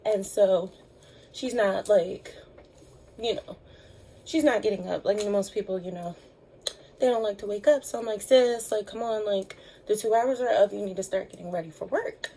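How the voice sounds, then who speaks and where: A woman's voice: mid-range voice, normal speed, mellow, a little hiss or hum, poor audio. A young woman telling a story in a chatty vlog, with lots of fillers, voicing the people she quotes. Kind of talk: casual storytime chat.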